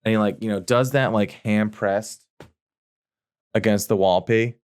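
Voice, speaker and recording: A man co-hosting a podcast, telling stories in a casual, animated way. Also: on the low side, unhurried, smooth, no room sound. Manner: animated anecdote-telling with sound effects and acted quotes. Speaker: podcast co-host. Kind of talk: casual chat, storytelling.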